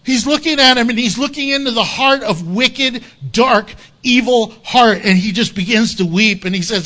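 Man, preacher, sermon, conversational, emphatic, sharp bright tone. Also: high voice, animated, a little slow. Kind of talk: expository sermon.

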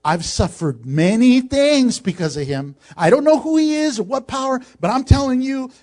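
A man's voice: extremely high pitch, animated, moderate pace, darkish tone, pitched above the performer's own voice. A male preacher playing an anxious wife warning her husband in an urgent, pleading way. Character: anxious, superstitious noblewoman, troubled wife.

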